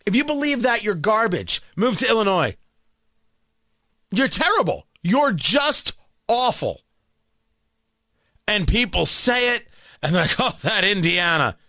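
A man's voice: sits high, very animated, unhurried, long pauses, sharp tone, no room sound, studio quality. A man from New York with a New York accent, a morning talk radio host giving a sarcastic, combative monologue and often repeating words as he rambles.

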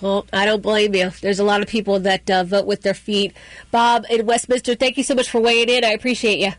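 A woman's voice: medium pitch, little pitch movement, a little fast, no echo. A woman hosting a political talk radio show, opinionated and sarcastic, with frequent fillers and restarts.

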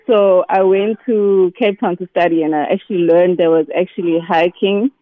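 A guest speaking over the phone in a relaxed interview, often saying "you know". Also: mid-range voice, normal speed, no room sound. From South Africa. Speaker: guest, business founder. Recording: tinny phone line.

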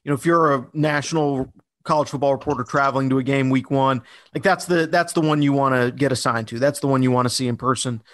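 A man's voice: mid-range voice, fairly even intonation, fast, a bit bright. A man co-hosting a podcast in casual chat, talking loosely with many fillers and restarts. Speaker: podcast co-host.

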